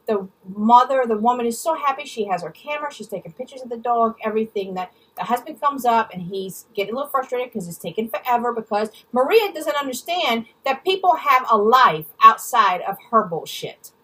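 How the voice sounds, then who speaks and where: A woman's voice: on the high side, animated, a little fast, few pauses, sharp tone, breathy edge, far from the mic, rough recording. A woman ranting angrily and bluntly in a storytime vlog, swearing freely and mimicking other people's words. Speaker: vlogger.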